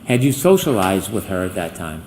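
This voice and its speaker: A man, a trial attorney, questioning a witness in court in a measured, methodical way. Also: deep voice, very animated, a little mellow, a little hiss or hum, rough recording.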